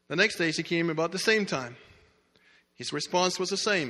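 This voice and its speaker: A man's voice: on the high side, animated, moderate pace, pushed and bright. A man preaching a sermon, telling a story dramatically with emphatic restarts. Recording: echoey hall reverb.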